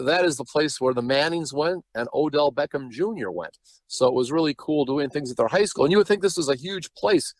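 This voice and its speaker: A man's voice: a little high, no echo, low-quality recording. Chatty man with a dry, close sound. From Chicago, Illinois. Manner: chatty storyteller, rambling with many asides. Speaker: sports broadcaster, guest. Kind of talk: casual interview chat.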